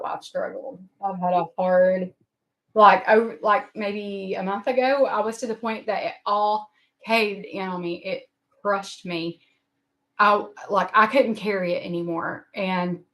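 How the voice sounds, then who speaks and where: A middle-aged woman with a drawl rambles through a casual livestream chat. She is open, emotional and quick to poke fun at herself. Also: medium pitch, fairly bright tone. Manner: rambling, emotional, self-deprecating. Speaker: livestream host. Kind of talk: casual live-stream chat.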